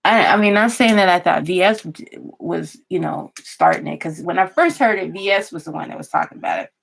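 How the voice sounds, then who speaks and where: A woman talks straight into her computer microphone in a relaxed vlog, her voice sitting low with a gravelly fry. She rambles and restarts her sentences, chatty and loose as she thinks aloud. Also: a little fast. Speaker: YouTuber. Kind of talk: casual vlog chat.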